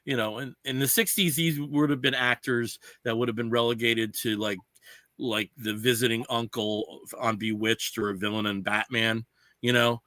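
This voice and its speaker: Guy hosting a comics podcast, bright forceful voice, dry close sound, rambles with lots of you knows. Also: medium pitch, fairly even intonation, normal speed, no echo. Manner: rambling, many "you know" fillers, explains comics at length. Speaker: podcast host. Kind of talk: casual chat.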